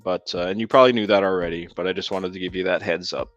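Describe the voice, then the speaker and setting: Low-voiced man rambling on a live stream. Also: steady tone, fast talker, a bit bright. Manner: rambling, reads viewer comments aloud, frequent ums. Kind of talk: casual live stream chat. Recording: dull lo-fi sound with faint music.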